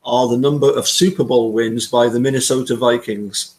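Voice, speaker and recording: A man's voice: mid-range voice, steady tone, moderate pace, rough recording. Hesitant man chatting on a video call. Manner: hesitant, repeats words while finding them. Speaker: guest. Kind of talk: casual chat.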